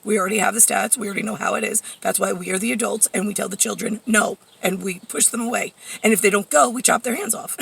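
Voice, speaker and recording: A woman's voice: mid-range voice, steady tone, fast talker, vocal fry, a bit bright, breathy edge, recorded from a distance. A woman vlogger rambling through a profane, sardonic monologue full of fillers, heard a little away from the mic. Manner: profane, sardonic ranting with frequent fillers and laughs.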